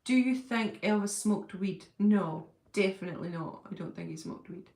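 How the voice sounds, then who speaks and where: A middle-aged woman hosts a relaxed livestream, answering viewers' comments in a gushing, chatty way. Her voice carries a gravelly fry, and it rings around an echoey room. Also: mid-range voice, normal speed. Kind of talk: casual chat.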